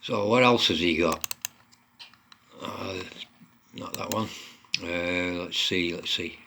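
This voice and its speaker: Deep-voiced sweary, mocking man. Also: slow pace, creaky, sharp tone, slight background noise. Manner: blunt, mocking, heavy swearing. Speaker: commentator reading and mocking online posts. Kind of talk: casual sweary commentary.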